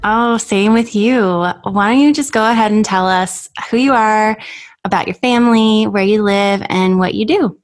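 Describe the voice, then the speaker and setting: A woman's voice: mid-range voice, moderate pace. A woman hosting a podcast, speaking in an upbeat, friendly, conversational way. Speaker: podcast host. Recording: music under intro.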